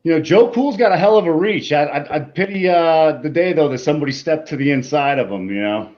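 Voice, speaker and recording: Man, brash and profane stream guest, combative, slightly high voice, muffled call line. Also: expressive, brisk. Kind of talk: casual chat.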